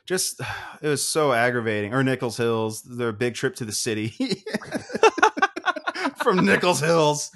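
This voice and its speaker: A young man co-hosting a casual podcast, ranting in a profane, animated way. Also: mid-range voice, a little slow. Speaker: podcast co-host.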